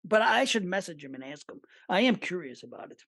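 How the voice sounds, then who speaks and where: A man co-hosting a horror movie podcast in casual chat, relaxed and reasoning things through aloud. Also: high-pitched, fairly quick, vocal fry. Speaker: podcast co-host.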